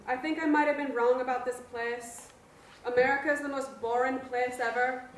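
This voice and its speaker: An actress playing a drunk young woman in a bar, speaking flatly and wearily. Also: high voice, normal speed, slight background noise, close to an everyday voice. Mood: weary. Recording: echoey room, mic at a distance.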